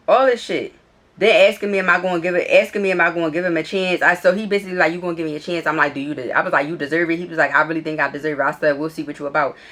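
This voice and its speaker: A woman's voice: low-pitched, pushed and bright. A woman vlogger telling a story in a casual, blunt and profane way, reading out text messages as she scrolls through them. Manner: blunt, profane, exasperated retelling; reads texts aloud while scrolling.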